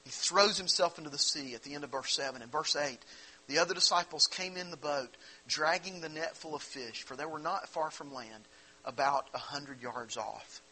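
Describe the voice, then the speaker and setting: A man's voice: a little high, normal speed, bright, forceful tone, slight background noise, rough recording. A man preaching a sermon, explaining a Bible passage in a conversational way and asking his listeners rhetorical questions. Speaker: pastor.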